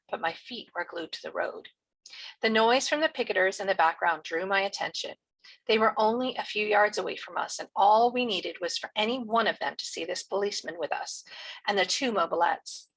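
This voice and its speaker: Husky woman reading a novel aloud. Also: mid-range voice, a bit bright, poor audio. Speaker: teacher.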